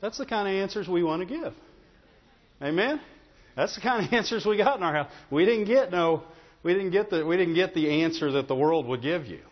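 Pastor, male, easygoing sermon delivery with a lively voice, recorded with a muffled sound in a church with long reverb. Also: sits high, fairly quick. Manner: conversational, repeats "Amen?" and "Right?". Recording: dull, with long hall reverb.

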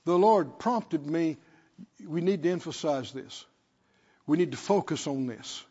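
A man's voice: fairly high pitch, animated, a little slow, warm tone, slightly rough. A man preaching a sermon as pastor, leading call-and-response and repeating phrases with emphasis. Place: church sanctuary. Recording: long reverb, dull lo-fi sound.

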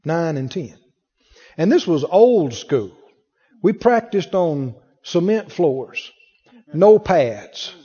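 A man's voice: on the high side, big pitch swings, slow pace, warm tone, husky, long reverb tail, dull audio. A man preaching a sermon, telling a personal story and acting out the voices in it.

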